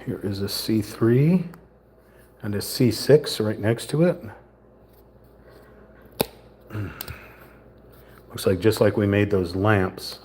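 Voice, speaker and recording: Male streamer, low voice, easygoing self-talk while building a kit. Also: takes it slowly, long pauses, a little mellow, a little hiss or hum. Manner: chatty, self-talking, mild southern lilt at times. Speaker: livestream host building a puzzle kit. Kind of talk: casual hands-on build narration.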